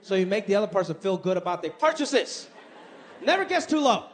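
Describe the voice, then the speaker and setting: A man doing a stand-up comedy routine, animated and acting out his mother's voice. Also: high voice, brisk. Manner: animated, acts out his mom's voice. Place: comedy stage before a live audience. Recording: live club with crowd and noise.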